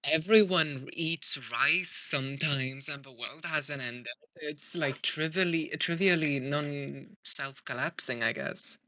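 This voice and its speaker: A man's voice: fairly high pitch, slow pace, few pauses, sharp tone, no echo. A man with a Swedish accent chatting casually, hesitant and full of fillers, a little self-deprecating. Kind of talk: casual chat.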